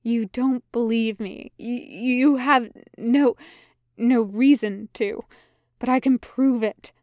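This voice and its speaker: Scared demon guy begging, stammery and earnest, woman voicing him, bit high. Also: fairly even intonation, measured pace, a little mellow, no room sound, studio quality, lightly acted. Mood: pleading. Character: frightened pleading male demon.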